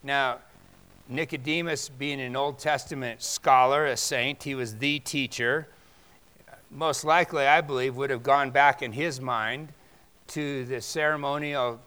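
A man preaching a sermon with a bright, forceful voice. He talks in a loose, conversational way and then leans hard into emphatic points. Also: mid-range voice, steady tone, unhurried, clean tone. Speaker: pastor.

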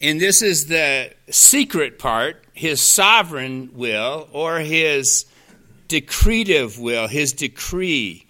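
A man's voice: on the high side, animated, slow, sharp tone. A man teaching a Bible study class in a folksy way, drifting into anecdotes.

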